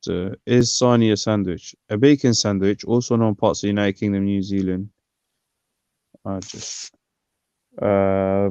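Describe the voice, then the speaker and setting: A man's voice: on the low side, mellow, clear, resonant tone, no room sound. A man, chatting casually on a stream, rambling and reading comments and look-ups aloud. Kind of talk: casual chat. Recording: dull, lo-fi dry sound.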